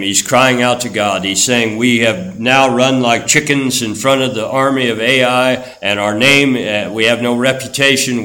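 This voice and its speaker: A man's voice: mid-range voice, sharp tone, rough recording. A middle-aged man preaching a sermon as a pastor, fervent and emphatic, driving points home with repetition.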